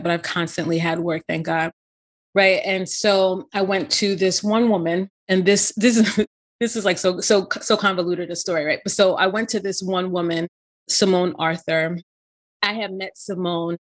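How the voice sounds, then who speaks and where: A woman's voice: on the low side, a bit bright. A middle-aged woman telling a personal story in casual conversation, full of "you know" and "right?" asides. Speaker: podcast co-host.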